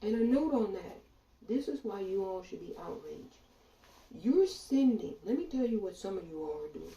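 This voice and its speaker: A political commentator delivers a ranting monologue, blunt, indignant and profane, speaking directly to listeners. Her dark, gravelly voice has a mellow low end and swings widely in pitch at a moderate pace; she's off-mic and far away in an echoey room, and the audio is dull.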